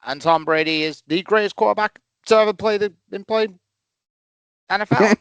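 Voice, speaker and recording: A man's voice: high voice, moderate pace, a bit bright, clear, resonant tone, no room sound. Exasperated man podcast co-host. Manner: exasperated complaining. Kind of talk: casual chat.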